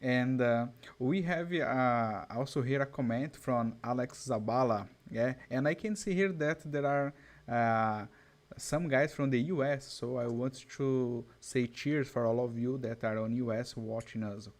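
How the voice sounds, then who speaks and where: A man hosting a live interview show, friendly and quick to laugh, with many "uh" fillers between his words. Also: mid-range voice. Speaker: host.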